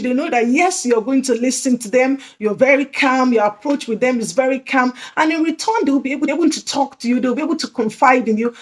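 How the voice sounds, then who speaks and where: High voiced woman explaining teaching tips on her channel, earnest, keeps repeating things. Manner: earnest, repetitive, emphatic restatements. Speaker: early childhood education channel host. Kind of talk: instructional video talk.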